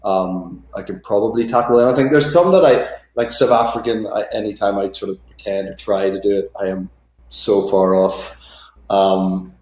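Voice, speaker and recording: A man in his thirties, an actor guest in a casual remote interview, talking in a relaxed, rambling way with lots of fillers. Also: lowish voice, moderate pace, roomy sound, rough recording.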